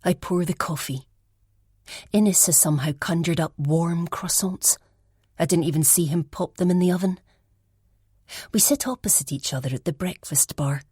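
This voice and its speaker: A woman reads a first-person mystery audiobook with even, measured pacing. Her voice is low and slightly husky, and it is recorded close and dry in a quiet studio. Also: no room sound. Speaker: audiobook narrator.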